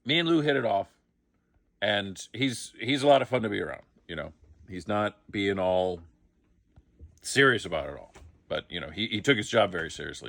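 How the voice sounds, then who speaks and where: Lively, animated man telling a story. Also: lowish voice, gravelly, no room sound. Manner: lively, comic storytelling with acted-out quotes. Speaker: actor telling a behind-the-scenes story. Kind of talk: casual anecdote.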